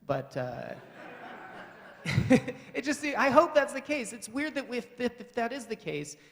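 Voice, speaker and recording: A man's voice: on the high side, gravelly. A man doing live stand-up comedy in a wry, rambling, self-mocking way, at a live event hall.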